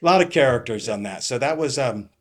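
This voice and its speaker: A middle-aged man who is a retired police captain, telling stories in a casual interview in a rambling, halting way full of fillers and restarts. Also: medium pitch, animated. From California.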